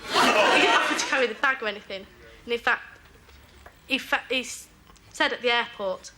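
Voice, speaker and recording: A woman's voice: a little high, brisk, pauses often, sharp tone. A woman with a northern English accent, telling cheeky stories in an interview and laughing as she goes. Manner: chatty, cheeky, laughing storyteller. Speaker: game show contestant. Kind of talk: casual interview anecdotes.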